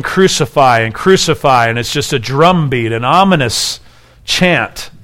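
Male pastor, sermon delivery, a touch higher pitched than most. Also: fairly bright tone. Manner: expository preaching, rising intensity on quoted lines.

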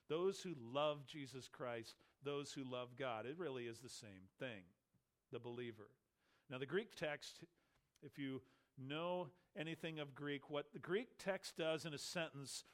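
Male preacher, fairly high voice; emphatic sermon delivery, repetitive for stress, big swings in loudness. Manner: emphatic, repeats phrases for stress, swings from loud to quiet. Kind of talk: expository sermon.

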